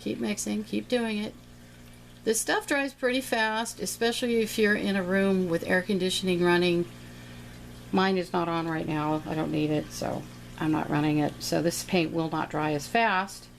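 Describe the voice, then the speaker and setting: Chatty, gravelly woman teaching painting. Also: fairly low pitch, fairly even intonation, normal speed, slight background noise, low-quality recording. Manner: chatty, playful, adds sound effects while painting. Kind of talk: casual step-by-step painting lesson.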